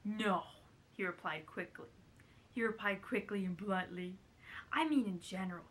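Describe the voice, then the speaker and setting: A woman doing a raspy, quavering older showbiz grande dame while reading a storybook page aloud theatrically. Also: medium pitch, moderate pace, fairly bright tone, natural voice.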